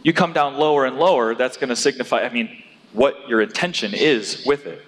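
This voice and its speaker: A man preaching a sermon in an animated way, rising to loud, emphatic peaks as he drives his points home. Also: mid-range voice, fairly quick. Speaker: pastor. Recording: long hall reverb.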